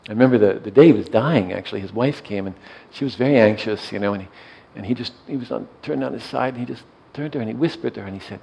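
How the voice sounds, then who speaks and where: A man who works in hospice care, telling a story gently and softly, often checking in with his listener. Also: on the low side, fast talker, gravelly, few pauses, a little hiss or hum, rough recording. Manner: soft-spoken, often checks in with "yeah?". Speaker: hospice worker and meditation teacher.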